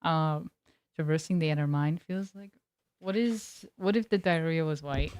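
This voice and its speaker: Chatty young woman streamer, smooth dry voice. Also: low-pitched, normal speed, a little mellow, no echo. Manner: rambling, chatty, laughs often. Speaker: variety streamer. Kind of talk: casual chat with live viewers.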